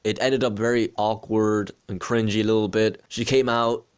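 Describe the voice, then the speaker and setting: Irish guy in his 20s doing a chill q&a vlog, kinda low voice, jokey and self-deprecating. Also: level tone, moderate pace, clean tone. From Ireland. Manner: chatty, joking, self-deprecating. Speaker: wrestling channel host. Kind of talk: casual Q&A vlog chat.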